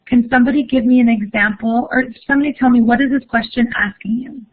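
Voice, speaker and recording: Reading chat answers aloud, a young woman teaches Spanish in a live online class, cheerful and encouraging. She speaks quickly in a higher voice with fairly even intonation, and the audio sounds narrow, like a phone.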